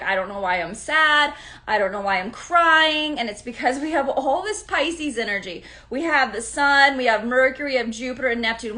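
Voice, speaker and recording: Woman, astrologer, somewhat high voice, casual live-stream chat, greets viewers, keeps checking in. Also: fairly bright tone. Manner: chatty, greets viewers by name, keeps checking in with "all right?".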